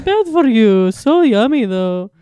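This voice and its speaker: A woman's voice: a little high, sing-song, takes it slowly, warm tone, clean tone, no echo, studio quality. A woman putting on an exaggerated Cuban accent, playing a brash, food-loving Cuban-American lady in broken English. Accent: Cuban, put on.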